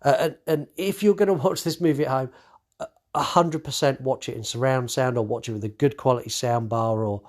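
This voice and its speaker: A man's voice: mid-range voice, brisk. A man hosting a podcast, recapping a horror movie in casual chat, swearing freely and stumbling over restarts. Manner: swears freely, acts out characters' lines; many fillers and restarts. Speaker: podcast host.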